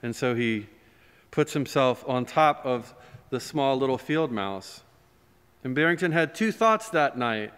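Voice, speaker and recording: A man, a pastor, telling a story during a sermon in a gentle, animated way, recorded in a church. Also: mid-range voice, unhurried, clear, resonant tone. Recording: long church reverb.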